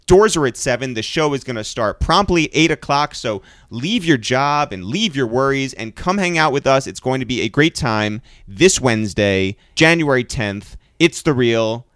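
A man co-hosting a podcast, reading shout-outs and promos in an upbeat voice, then chatting casually with a guest. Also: medium pitch, animated, normal speed, hardly any pauses, no echo, clean studio sound. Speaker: podcast co-host.

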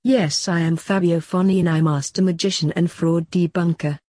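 A woman's voice: on the low side, fairly even intonation, moderate pace, mellow, no echo, clean studio sound, lightly acted. A woman reading the lines of a pushy male magician and fraud debunker who mutters and keeps pressing for answers. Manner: insistent, probing, mutters.

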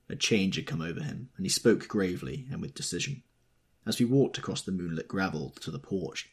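A man narrating a novel in a measured, expressive storytelling manner. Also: sits low, breathy edge. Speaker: audiobook narrator. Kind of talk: scripted literary narration.

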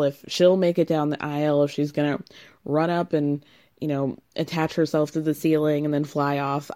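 A woman's voice: fairly low pitch, warm tone. A young woman recapping a reality TV show in a chatty, sarcastic way, laughing often at the drama. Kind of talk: casual recap commentary.

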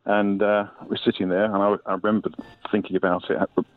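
A man's voice: fairly low pitch, little pitch movement, quick pace, no echo. English man telling a story over a phone. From England. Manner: rambling storyteller, many "anyway"s and acted quotes. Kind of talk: casual anecdote. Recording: tinny phone line.

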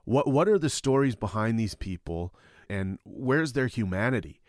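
A man's voice: medium pitch, animated, normal speed, no room sound, clean studio sound. A man on a podcast panel, speaking in heated, emphatic opinion talk and swearing freely.

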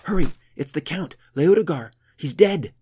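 A man voicing a timid, nervous elderly priest who talks in an anxious, breathless way, his voice pushed noticeably higher. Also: sing-song, normal speed, background noise. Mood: frantic shouting.

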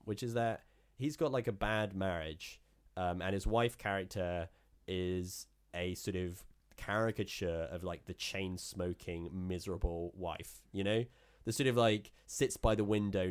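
A man co-hosting a podcast, chatting casually in a rambling, animated way full of fillers. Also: sits low, normal speed. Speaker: podcast co-host. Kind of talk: casual chat.

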